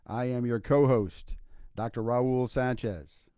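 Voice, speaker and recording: A man's voice: mid-range voice, fairly even intonation, takes it slowly, warm tone, clear, resonant tone, no room sound, clean studio sound. An older man, a grandfather and psychologist, co-hosting a podcast alone in an informal, earnest livestream talk full of fillers and repeated points. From Iowa, United States. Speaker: podcast co-host, clinical psychologist. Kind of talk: impromptu solo livestream talk.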